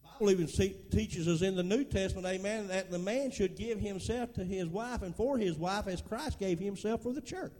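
A man's voice: sits high, brisk, few pauses, mellow. A middle-aged man preaching a folksy sermon, calling out to the congregation. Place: church. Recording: long hall reverb.

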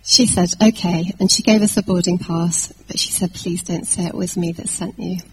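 Woman preacher telling a lively story. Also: lowish voice, moderate pace, background noise. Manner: lively anecdotal telling with fillers and restarts. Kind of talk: sermon storytelling.

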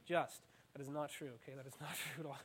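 Young male preacher, high-pitched, animated and playful, leading the crowd in call-and-response. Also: quick pace, slight background noise. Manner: animated, playful, self-mocking asides. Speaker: student preacher. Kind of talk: interactive sermon.

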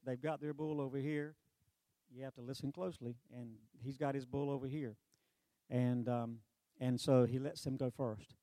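A man preaching a sermon, retelling a story with lively delivery, sarcastic humor and acted-out quotes. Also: mid-range voice, no room sound.

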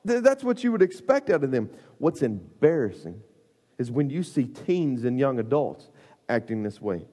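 A man preaching to youth, telling a comic story with lots of fillers in an animated way. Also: medium pitch, normal speed, slightly rough. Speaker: youth pastor. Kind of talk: storytelling sermon. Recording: long hall reverb.

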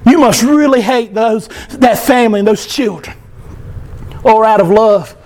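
A male pastor preaching an impassioned sermon, often breaking into shouts. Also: very high voice, animated, moderate pace, a little hiss or hum. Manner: impassioned, fervent, bursts into shouting.

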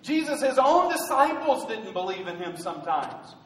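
High-voiced preacher in an echoey hall. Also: male voice, sing-song, moderate pace, a bit bright, far from the mic, slight background noise. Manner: rousing, rhetorical questions to the crowd. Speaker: pastor. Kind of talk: sermon. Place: large church hall.

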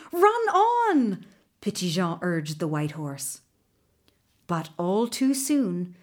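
A woman reading a fairy tale aloud in an expressive, dramatic storyteller manner. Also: a little high.

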